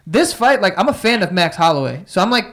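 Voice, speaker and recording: Brief: male co-host, high voice, casual and excitable, curses a lot. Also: quick pace. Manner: excitable, swears freely. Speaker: podcast co-host. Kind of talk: casual sports chat.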